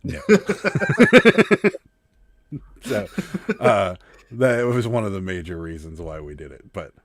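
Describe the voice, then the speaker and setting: Male co-host, lively pitch, lowish voice, dry close mic, laughs often as he tells stories. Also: dry recording. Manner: animated storyteller, quick to laugh. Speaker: livestream co-host. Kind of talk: casual livestream chat.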